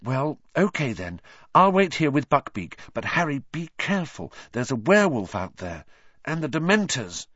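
A man voicing a clever, anxious teenage schoolgirl witch in a quick, earnest, slightly bossy way. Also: mid-range voice, big pitch swings, fairly bright tone, breathy edge, no echo, muffled recording. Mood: worried.

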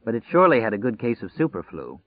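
A man narrating an audiobook in a measured, deliberate reading. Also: fairly low pitch, huge pitch swings. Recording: dry, phone-like narrow sound.

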